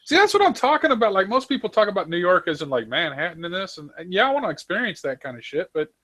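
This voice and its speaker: A man's voice: high voice, big pitch swings, fast, sharp tone. Laid-back man. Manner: laid-back, says "man" and "dude" a lot. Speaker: panelist. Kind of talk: casual chat.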